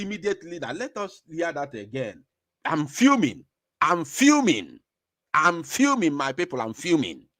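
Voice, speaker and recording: A man with an Igbo-accented Nigerian English voice, high-pitched and sharp, hosts a show and delivers impassioned, angry commentary, repeating phrases for emphasis. The recording is dry and clean, with studio sound.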